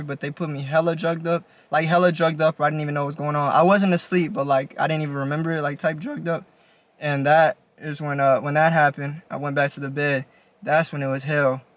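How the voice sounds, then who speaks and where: A young man with a voice pitched a little above the usual, telling a storytime vlog. He talks in a relaxed, slangy way, the way a channel host talks straight to his viewers. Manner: laid-back slangy storytelling. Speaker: YouTuber.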